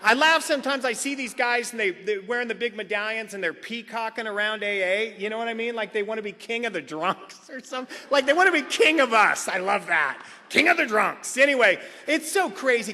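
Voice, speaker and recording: A man's voice: high-pitched, animated, brisk, hardly any pauses, bright, forceful tone. A middle-aged man telling a comedic personal story at a recovery meeting, acting out other people's lines. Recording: long hall reverb.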